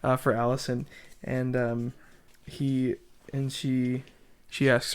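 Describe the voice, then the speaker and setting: A man's voice: mid-range voice, monotone, slow pace, clean tone. A man co-hosting a casual theatre podcast, eagerly retelling a play's dialogue and laughing often. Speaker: podcast co-host. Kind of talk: casual chat recapping a play.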